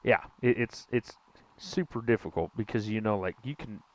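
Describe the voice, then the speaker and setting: Man, young adult, low voice, casual game commentary, rambling, faint background noise. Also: animated, moderate pace, poor audio. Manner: rambling, self-correcting, mild exclamations. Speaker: gaming streamer. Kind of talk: casual gameplay commentary chatting with viewers.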